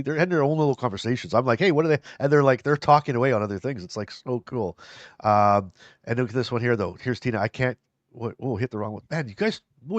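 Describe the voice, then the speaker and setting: A man's voice: medium pitch, dry recording. A man co-hosting a live show, chatting casually and reading viewer comments aloud. He rambles, repeats himself and laughs easily. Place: live stream.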